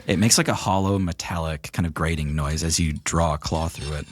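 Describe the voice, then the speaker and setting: A man narrating as game master of a tabletop game, describing scenes in a relaxed way. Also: very deep voice, fairly quick.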